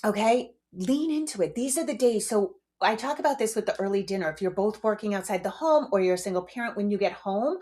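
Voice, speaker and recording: A middle-aged woman hosts her own solo podcast, chatting frankly and casually with the occasional swear word. Her mid-range voice is animated and darkish, a little fast with few pauses.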